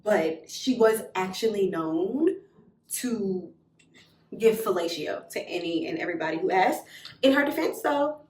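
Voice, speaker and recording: A young woman telling a personal story in a casual, animated way, blunt and swearing freely. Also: mid-range voice, unhurried, far from the mic. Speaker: storytime vlogger. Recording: roomy echo, a little off mic.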